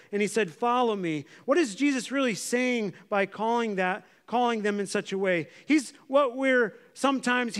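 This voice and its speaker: A male pastor with a high voice gives a sermon in a church. He speaks in a casual, conversational way and often stops to ask his listeners questions. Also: a bit bright. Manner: conversational, uses props and questions the congregation.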